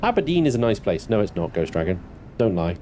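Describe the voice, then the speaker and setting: With big pitch swings, a quick pace, and a warm tone, a young adult streamer from Britain casually chats with viewers as he plays. He laughs and swears a lot and gives mock-indignant high squeals, with slight noise in the background.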